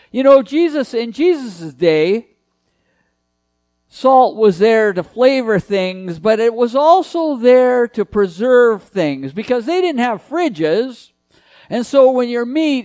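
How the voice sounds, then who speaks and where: A man's voice: sits high, darkish tone, no echo. A man preaching a sermon in an earnest, emphatic way, repeating key phrases.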